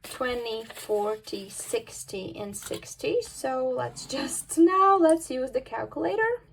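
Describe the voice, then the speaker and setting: A woman's voice: high-pitched, animated, takes it slowly, vocal fry, slight background noise, low-quality recording. A woman from the Baltic states chatting to camera about her budget, talking in a chatty way with many fillers and counting aloud. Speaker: budgeting vlogger. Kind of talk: casual talk to camera.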